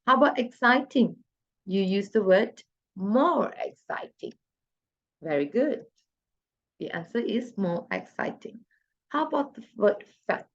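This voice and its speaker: Slow, patient teacher. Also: female voice, medium pitch, dull audio. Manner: asks questions then answers them herself. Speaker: English teacher. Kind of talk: classroom grammar lesson.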